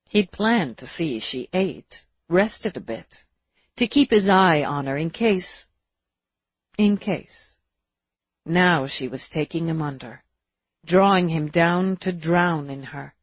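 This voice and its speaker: A woman reading an audiobook in a steady, measured way, in a dull, dry recording. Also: on the low side, husky, no echo. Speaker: audiobook narrator. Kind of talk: audiobook narration.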